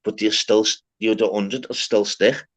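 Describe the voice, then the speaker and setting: A man hosting a casual livestream, swearing often and shouting out viewers. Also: lowish voice, fairly even intonation, moderate pace. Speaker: livestream host. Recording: dull lo-fi stream audio.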